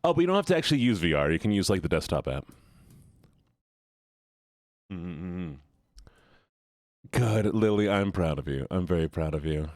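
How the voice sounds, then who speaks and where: Young male streamer, low and lively, rambly, dry sound. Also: moderate pace, pauses often, dry recording. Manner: chatty, rambling, repeats words, laughs often. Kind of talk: casual chat with viewers.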